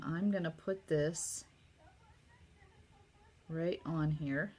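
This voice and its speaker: A woman demonstrating card making in a casual craft tutorial, chatty and upbeat, talking straight to her viewers while her sore throat makes her voice a little rough. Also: lowish voice, slow pace, long pauses. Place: home craft table.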